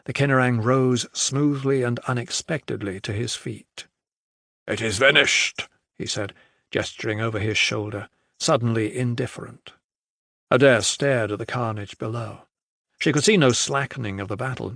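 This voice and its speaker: Gravelly male audiobook narrator. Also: mid-range voice, normal speed, a bit bright, dry recording, clean studio sound. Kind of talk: scripted narration.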